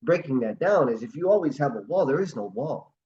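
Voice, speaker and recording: A man's voice: mid-range voice, expressive, a little fast, warm tone, dull audio. A man hosting an online motivational talk, telling stories earnestly and acting out quotes. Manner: earnest, storytelling, acts out quotes. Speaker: host.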